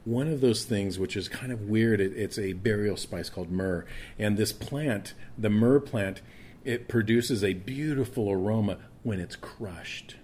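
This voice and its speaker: A man's voice: on the low side, a little slow, darkish tone, slight background noise. A man preaching a sermon, earnest and conversational, often stumbling over repeated words as he restarts a thought. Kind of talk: sermon with scripture reading.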